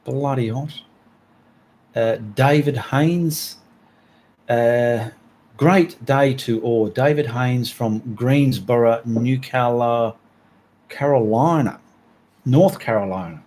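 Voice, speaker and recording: Aussie bloke doing a live art stream, reading out chat, friendly, mid pitch. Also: male voice, takes it slowly, pauses often, darkish tone, slight background noise. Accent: Australian. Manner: friendly, chatty, reads comments aloud with slips and restarts. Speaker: art livestream host. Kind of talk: casual chat reading viewer comments.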